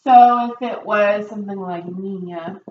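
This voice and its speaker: A woman's voice: medium pitch, measured pace, darkish tone. Woman teacher patiently explaining a test. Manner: patient, explanatory, many ums and okays. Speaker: Spanish teacher. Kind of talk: recorded test review lesson. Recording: dull roomy recording with faint noise.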